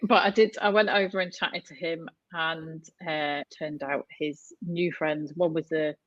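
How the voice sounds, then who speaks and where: A woman's voice: sits low, steady tone, unhurried, no room sound. Podcast guest: woman, 30s, from North West England, talkative storyteller, dull dry recording. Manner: chatty, storytelling, laughs often. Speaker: guest artist. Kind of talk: casual podcast chat.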